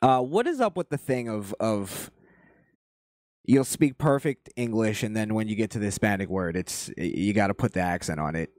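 A man casually commenting as he reacts to a video, with a rambling, halting, profane way of talking. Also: on the low side, animated, a little mellow, no echo, clean studio sound.

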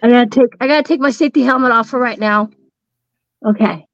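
A woman's voice: fairly high pitch, fast, no echo, dull audio. A woman chatting casually and bluntly on a comedy panel, cursing freely and laughing between remarks. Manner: profane, giggly, blunt.

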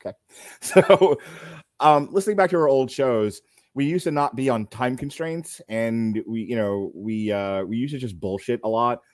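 A man's voice: mid-range voice, moderate pace, no room sound. A middle-aged man hosting a podcast, telling stories in loose, rambling casual chat. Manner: loose, rambling storytelling, laughs a lot. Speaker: podcast host.

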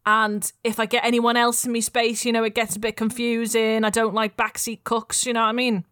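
A woman's voice: a little high, flat delivery, a little fast, fairly bright tone, no room sound, clean studio sound, close to an everyday voice. A woman voicing an older stall-cook nana with a Liverpool accent, earthy and sweary, calling everyone love. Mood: brusque.

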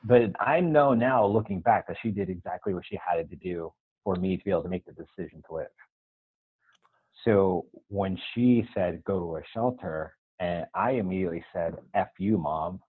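A man's voice: low voice, moderate pace, husky, dry recording, narrow, tinny audio. A man telling the story of his life in an interview, earnestly acting out the dialogue and asking "right?" again and again. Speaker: guest.

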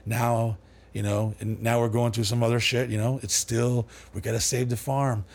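Man guest on a podcast, rambling profane storyteller, mid-pitch voice. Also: level tone, normal speed. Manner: rambling, profane, with many fillers and restarts. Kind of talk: casual storytelling.

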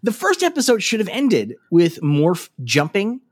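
A man's voice: sits high, huge pitch swings, unhurried, husky. A man in casual chat recapping a cartoon episode, swearing freely and acting out the characters' lines. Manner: swears freely, laughs often, acts out lines. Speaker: podcast co-host.

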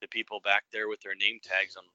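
Man, podcast co-host, casual chat, flat delivery, dry sound. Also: lowish voice, dry recording, dull audio. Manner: agreeable, quick to chime in.

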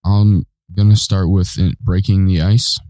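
A man's voice: low-pitched, steady tone, a little slow, mellow, dry recording. A man co-hosting a show who gives short, clipped answers and stumbles through his explanations. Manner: terse, hesitant replies. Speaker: co-host. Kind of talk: casual studio banter.

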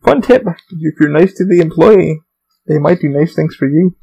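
Gravelly-voiced man rambling casually. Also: a little high, normal speed, dark tone, poor audio. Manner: profane, meandering storytelling. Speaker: podcast host.

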